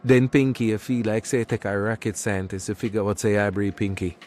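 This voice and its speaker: A man voicing a wisecracking Jamaican cab driver who teases his passenger with slow, drawn-out jabs in an animated cartoon. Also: lowish voice, slight background noise, lightly acted. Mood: mocking. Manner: teasing, drawn-out patois jabs. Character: wisecracking male cab driver, mocking and nosy.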